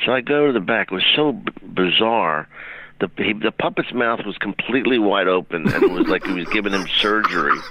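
A man's voice: lowish voice, fairly quick, no room sound, lo-fi sound. A man hosting a casual comedy chat, telling rambling anecdotes with lots of fillers. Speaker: host. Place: comedy club stage.

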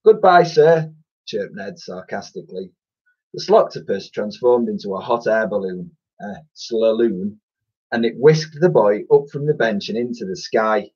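An English man, a primary school teacher, reads a children's story aloud at home. His voice sits low and a little husky, and the home recording sounds dull and lo-fi. He chats along with small fillers and fixes his own slips. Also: normal speed, a little mellow. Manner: chatty, with fillers and self-corrections.

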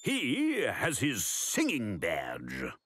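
A man narrating a children's cartoon, warm and wry, with gentle irony. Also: mid-range voice, wildly swooping pitch, extremely slow, breathy edge, dry recording.

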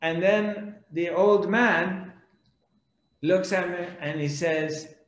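A man's voice: high voice, takes it slowly, reverberant, rough recording. A man giving a spiritual discourse, telling a story animatedly and acting out the characters. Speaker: spiritual teacher.

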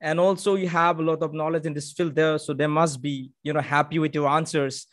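A man's voice: a little high, little pitch movement, fairly quick, fairly bright tone. A man hosting a live online session, chatty and upbeat, thanking viewers and reading out their names. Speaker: moderator.

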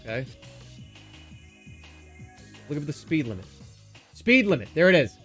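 A man commentating on games live, excitable and often breaking into laughter or shouting. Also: on the high side, measured pace, soft background music. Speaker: streamer. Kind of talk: live game-stream commentary.

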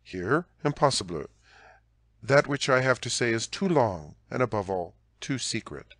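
A man reading a shy young female maid in an audiobook, using a hushed, hesitant way of speaking. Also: mid-range voice, lively intonation, measured pace, no echo, clean studio sound. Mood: timid.

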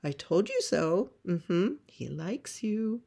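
A woman's voice: on the low side, very animated, takes it slowly, creaky, warm tone, heavily acted. A woman voicing a pushy farm woman who coaxes a girl into a match. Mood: wheedling. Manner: coaxing, emphatic, wheedling.

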